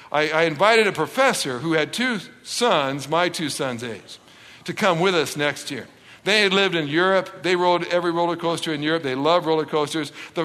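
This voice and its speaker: A middle-aged man from Canada preaching with an animated storytelling manner, acting out dialogue with self-deprecating humor. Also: fairly high pitch. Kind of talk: storytelling sermon. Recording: long reverb in a large hall.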